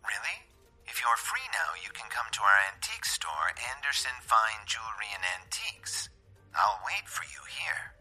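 A man voicing an eager young woman antique dealer, soft and whispery over a phone line. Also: mid-range voice, huge pitch swings, a little fast, faint music behind, voice pushed up, heavily acted.

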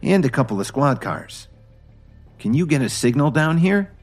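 A man's voice: a little high, big pitch swings, normal speed, soft background music, voice pushed up. A man voicing a tough female police officer. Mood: commanding. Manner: urgent, commanding.

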